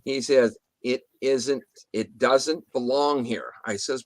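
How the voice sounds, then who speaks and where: A man's voice: medium pitch, unhurried, no room sound. A man telling a story in a casual interview, rambling with restarts and mild swearing, acting out what others said. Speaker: guest telling an encounter story.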